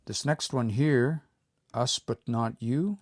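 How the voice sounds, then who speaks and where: A man giving a casual live-streamed language lesson, explaining step by step and repeating words slowly, with relaxed, informal phrasing. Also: mid-range voice, dry recording, studio quality. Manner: relaxed, informal, says y'all and eh. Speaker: language teacher.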